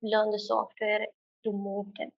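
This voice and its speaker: A woman's voice: medium pitch, monotone, unhurried, gravelly, no room sound, lo-fi sound. A young woman from India, a guest telling her story in a casual chatty way, with many fillers and restarts. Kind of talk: casual interview.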